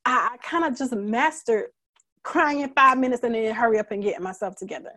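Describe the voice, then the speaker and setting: A middle-aged woman as a guest, telling her story candidly in an earnest, halting way, holding back tears. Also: fairly high pitch, pushed and bright, no echo. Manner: earnest, halting, many fillers and restarts; emotional, fighting back tears. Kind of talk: candid conversational testimony.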